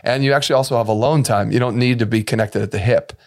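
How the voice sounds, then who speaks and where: A man co-hosting a podcast, rambling through his points with lots of restarts and animated emphasis. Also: mid-range voice, fast talker. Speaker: podcast co-host. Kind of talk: casual podcast chat.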